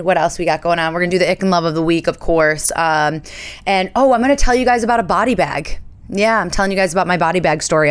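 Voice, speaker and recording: Thirties woman podcast host, lowish voice, dramatic chatty storyteller. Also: smooth. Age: 30s. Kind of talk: casual solo podcast storytelling.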